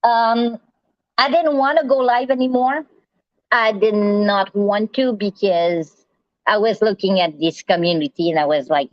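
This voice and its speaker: A woman's voice: medium pitch, measured pace, dry recording. A woman hosting a livestream, giving a heated rant straight at a rival, repeating herself, with non-native phrasing. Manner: repetitive, confrontational, talks straight to a rival. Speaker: livestream host. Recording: dry, dull lo-fi sound.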